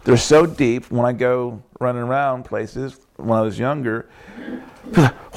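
A middle-aged man preaching a sermon, telling animated personal stories and acting out what people said. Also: mid-range voice, moderate pace. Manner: animated storytelling, acts out quotes, laughs often.

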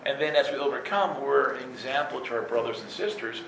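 A man telling stories from his life in an animated way, laughing and acting out voices. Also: mid-range voice, a little fast, vocal fry, a little hiss or hum. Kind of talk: storytelling talk. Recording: echoey room with faint ambience.

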